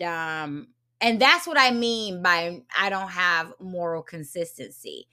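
A woman hosting a podcast, telling a story in a blunt, profane and animated casual monologue. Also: fairly low pitch. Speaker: podcast host.

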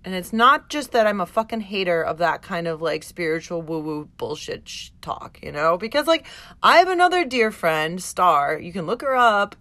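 A woman's voice: on the low side, normal speed, dry recording. A woman hosting her own podcast in a casual, profane, emotional monologue. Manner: profane, emotional, tearful and laughing at moments; lively, animated with put-on voices in quotes. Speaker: podcast host.

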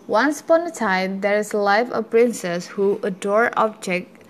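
Woman reading a children's tale aloud, slow and halting, often stopping to fix her words. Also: medium pitch, lively intonation. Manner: halting, with frequent self-corrections. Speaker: storyteller.

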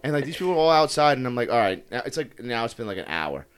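A man's voice: mid-range voice, big pitch swings, very fast, smooth. A young man telling a story in casual podcast chat, heated and profane, swearing constantly as he talks.

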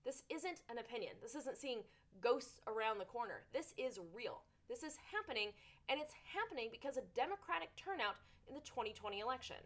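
A young woman hosting a scripted commentary show, talking in an animated, sarcastic way. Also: fairly high pitch, brisk. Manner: animated, sarcastic, puts on silly voices for jokes. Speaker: host.

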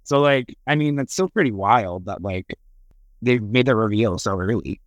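A man's voice: fairly low pitch, lively intonation, normal speed, no room sound. A man co-hosting a podcast, chatting eagerly about a movie, full of fillers and acted-out quotes. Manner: enthusiastic, lots of fillers, acts out quotes. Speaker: podcast co-host. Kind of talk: casual chat about a movie.

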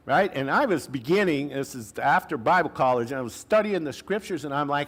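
A male pastor preaching a sermon in a conversational way, with casual asides and slang, slowing down to stress key phrases. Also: on the high side, lively intonation.

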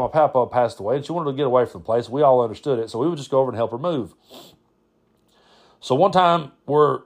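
A man, telling stories on his podcast in a rambling, self-interrupting way. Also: mid-range voice. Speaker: podcast host. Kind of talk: casual storytelling.

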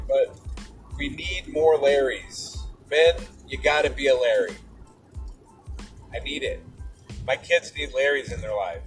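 A man's voice: fairly high pitch, unhurried, long pauses, far from the mic, soft background music, poor audio. A middle-aged man hosting a podcast, telling a personal story and reflecting on faith in an earnest, emphatic way. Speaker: podcast host.

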